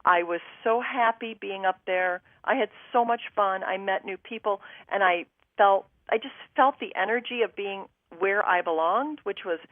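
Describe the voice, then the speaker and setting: A woman's voice: mid-range voice, moderate pace, no room sound, phone-quality sound. A woman guest telling a personal story on a talk show, acting out her own thoughts and what others said to her.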